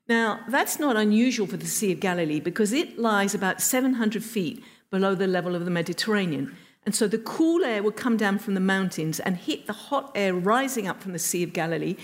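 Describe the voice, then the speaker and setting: Woman preaching with expressive storytelling. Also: medium pitch. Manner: expressive storytelling delivery with emphatic pauses. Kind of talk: sermon.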